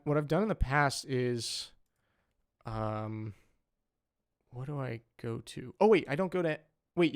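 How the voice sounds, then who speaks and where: A young man chatting casually on a livestream as a saxophonist, rambling with lots of "like" and "um". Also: medium pitch. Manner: rambling, full of "like" and "um". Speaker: saxophonist streamer.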